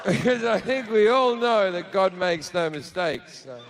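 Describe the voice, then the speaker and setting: Australian stand-up guy, high-ish voice, swearing a lot, faint room hum behind. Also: expressive, measured pace, vocal fry, crowd noise. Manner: crude, sardonic, profane. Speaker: stand-up comedian. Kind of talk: stand-up comedy set. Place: theater stage before a live audience.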